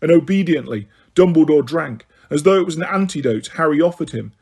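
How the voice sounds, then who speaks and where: A man narrating an audiobook in a steady, measured way. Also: a little high, vocal fry, slightly rough.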